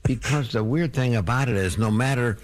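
An older man, a veteran radio host, telling wry stories as a guest with deadpan jokes. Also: medium pitch, brisk. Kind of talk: phone-in guest chat.

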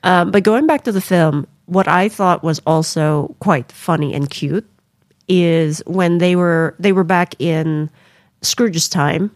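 A woman's voice: lowish voice, takes it slowly, no room sound, clean studio sound. A woman co-hosting a casual podcast, earnest and giggly as she talks through a film. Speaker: podcast co-host. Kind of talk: casual chat.

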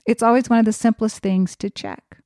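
A woman who is a geriatric nurse hosting a podcast, telling stories from her work in a calm, earnest, explanatory way. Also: a little high, brisk, no echo, clean studio sound. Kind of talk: storytelling podcast monologue.

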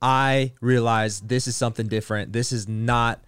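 A man's voice: medium pitch, steady tone, moderate pace, fairly bright tone, clear, resonant tone, no room sound, studio quality. A man hosting a podcast, chatting casually in a blunt, eager way and swearing freely. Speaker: podcast host. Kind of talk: casual conversation.

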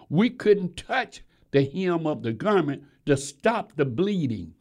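A man with a high voice preaches in a folksy, rhythmic way. He calls out to the congregation by name and swings between loud, climbing lines and quiet, hushed ones. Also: very animated, measured pace. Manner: rhythmic preaching with sudden rises and drops in pitch and volume. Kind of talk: sermon.

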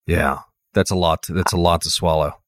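A man's voice: deep voice, fairly even intonation, moderate pace, no room sound, clean studio sound. A man hosting a podcast interview, listening attentively and asking probing follow-up questions. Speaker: podcast host.

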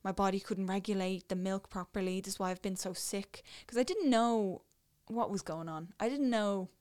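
A young woman with an Irish accent, casually telling a personal story, dropping to a hush and then getting excited. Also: mid-range voice, normal speed, smooth. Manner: animated, swings between hushed and excited. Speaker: new mother telling her story.

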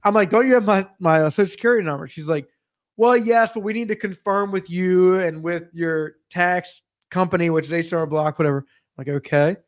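Brief: young male podcast host with a high voice, profane animated ranter. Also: a little fast. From Pennsylvania. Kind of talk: casual comedic storytelling.

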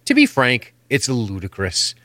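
A man's voice: mid-range voice, wildly swooping pitch, measured pace, pushed and bright, no echo. A man co-hosting a podcast, chatting casually and opinionated, rambling and swearing freely. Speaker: podcast co-host. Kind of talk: casual chat.

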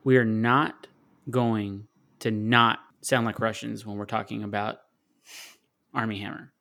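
A man's voice: on the low side, level tone, a little slow, gravelly, pushed and bright. A man on a podcast panel in casual chat, brash and blunt, cutting in and swearing.

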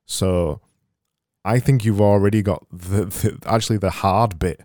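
A man with a very low, dark and mellow voice talks in a relaxed interview. He is enthusiastic and thinks aloud, often restarting his phrases. The sound is close and dry. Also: unhurried, dry recording. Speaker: podcast host and designer. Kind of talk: casual conversational interview.

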